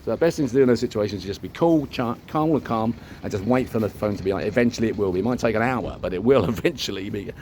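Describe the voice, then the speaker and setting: A man's voice: fairly low pitch, fast, hardly any pauses. Older guy rambling thru a story, lots of swearing, faint hum behind. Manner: rambling, animated, swears freely, acts out dialogue. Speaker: vlogger. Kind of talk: casual storytelling to camera.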